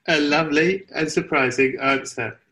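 A man hosting a podcast, with a bright, forceful voice. He spins long, absurd stories in a deadpan, casual way and swears freely. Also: a little high, moderate pace, slight background noise, rough recording. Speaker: podcast host. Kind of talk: casual comedic chat.

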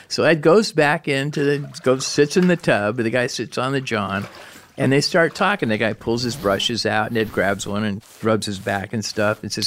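Male interviewee, gravelly, amused and chatty, faint ambience. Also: medium pitch, normal speed, slight background noise. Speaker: interviewee, storyteller. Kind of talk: documentary interview anecdote.

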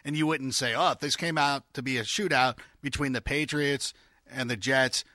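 A man co-hosting a casual sports podcast, chatty with quick asides. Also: mid-range voice, fairly even intonation, sharp tone, dry recording, studio quality. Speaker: podcast co-host.

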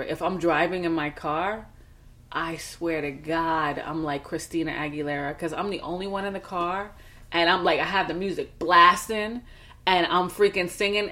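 A woman, co-hosting a podcast in casual chat and telling animated stories. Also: low voice, normal speed. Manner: animated storytelling, laughing, quoting her daughter. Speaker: podcast co-host.

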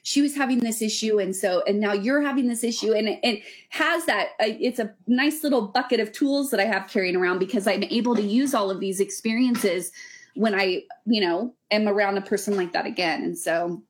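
A woman's voice: medium pitch, a little fast, a little hiss or hum. A young adult woman, a weightlifting coach, talking earnestly and rambling with lots of fillers in a casual podcast chat. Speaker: weightlifting coach running women's camps.

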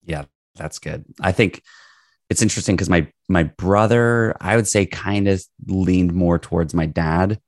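Man around forty, very deep and gravelly, animated rambling storyteller, close dry recording. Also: normal speed, no room sound. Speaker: guest. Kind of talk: storytelling in casual conversation.

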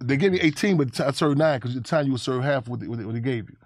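Fast-talking man telling stories, repeating himself. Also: mid-range voice, no echo, studio quality. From Chicago. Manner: rambling, repeats words, profane, animated. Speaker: interview guest. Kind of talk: casual storytelling interview.

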